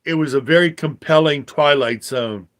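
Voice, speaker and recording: An older man giving a rambling religious commentary monologue, talking slowly with fillers and repeated phrases. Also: a little high. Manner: slow, meandering talk with fillers and repeated phrases. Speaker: vlogger.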